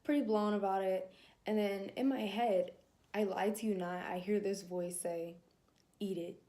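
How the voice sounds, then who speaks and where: A young woman telling a personal story to camera in a casual vlog, animated and laughing as she acts out her own thoughts. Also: medium pitch, normal speed. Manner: animated, laughing, acting out her inner dialogue. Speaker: vlogger.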